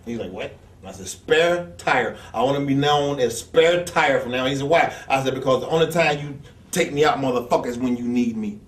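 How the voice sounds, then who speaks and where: A man's voice: medium pitch, a little fast. Profane, blunt man ranting in echoey room. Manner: blunt, profane, acts out quoted exchanges. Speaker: interview guest. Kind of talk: profane storytelling rant. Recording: echoey room, distant from mic.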